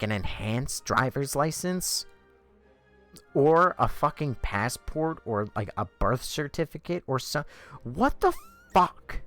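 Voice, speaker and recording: Lively, swearing man streaming. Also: mid-range voice. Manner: profane, exasperated ranting. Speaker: game streamer. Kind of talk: livestream chat.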